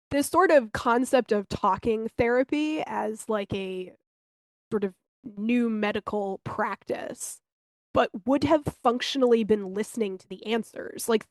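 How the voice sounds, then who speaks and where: A woman co-hosting a podcast, telling candid, animated stories in casual chat and swearing now and then. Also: fairly high pitch, dry recording. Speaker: podcast co-host.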